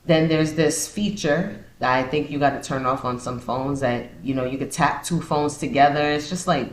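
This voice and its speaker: A woman's voice: rumbling low, moderate pace, few pauses. A woman hosting a podcast, reading points aloud and then riffing on them with sarcastic asides. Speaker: podcast host. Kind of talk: casual commentary podcast. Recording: roomy echo.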